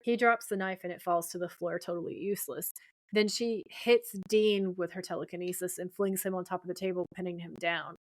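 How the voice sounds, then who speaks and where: A woman's voice: fairly low pitch, steady tone, fairly quick, dry recording. A woman co-hosting a podcast, casually retelling a TV episode scene by scene and quoting the characters' lines. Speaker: podcast co-host.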